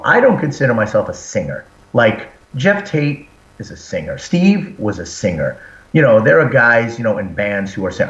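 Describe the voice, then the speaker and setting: A man who sings and fronts a metal band, chatting in an interview and telling stories with acted-out quotes. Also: mid-range voice. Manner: animated storyteller, acts out quotes. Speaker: band singer and frontman, guest. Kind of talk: casual interview chat. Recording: roomy, dull lo-fi sound.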